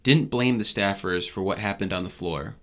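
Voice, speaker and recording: A man hosting a news podcast, reading his scripted narration in a measured, even way. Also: lowish voice. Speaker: podcast host and reporter.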